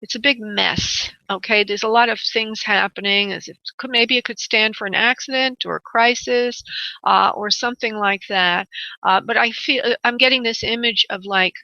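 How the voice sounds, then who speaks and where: A woman's voice: fairly high pitch, steady tone, moderate pace, gravelly, bright, forceful tone, no echo. A woman hosting a call-in psychic radio show, chatty and rambling, calling callers honey and darling. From United States. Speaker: psychic medium radio host. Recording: dull lo-fi internet radio audio.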